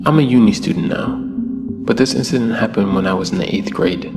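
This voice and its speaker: Low, gravelly male horror narrator. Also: a little fast. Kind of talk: scripted narration. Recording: long hall reverb with faint music.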